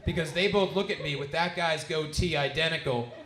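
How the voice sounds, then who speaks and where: A man's voice: fairly high pitch, fairly quick, a bit bright, a little hiss or hum. A man telling a loose, chatty stand-up comedy story, full of "like" and asides. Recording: echoey room.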